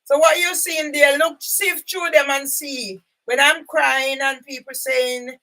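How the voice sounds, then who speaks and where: An older woman speaking from home in an impassioned, rambling monologue to camera, at times breaking into loud outbursts. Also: high-pitched, fairly even intonation, slow pace. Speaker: vlogger. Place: sitting at home. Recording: voice a bit far from the mic.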